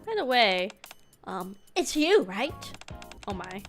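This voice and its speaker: A woman's voice: mid-range voice, big pitch swings, slow pace, soft background music. A woman streaming a game, chatting casually with laughs and reading its lines aloud.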